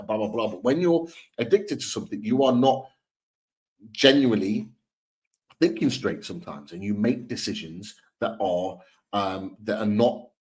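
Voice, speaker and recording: A man speaks in a lowish voice on a live football fan stream. He sounds earnest and thinks aloud, doubling back on words as he makes his case. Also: poor audio. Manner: earnest, repeats words and restarts. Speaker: football podcast co-host.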